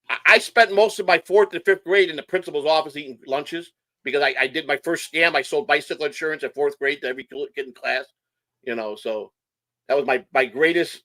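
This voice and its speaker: A middle-aged man from Chicago telling hyper, rapid stories in casual chat, swearing freely. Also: mid-range voice, bright, forceful tone, no echo. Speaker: guest.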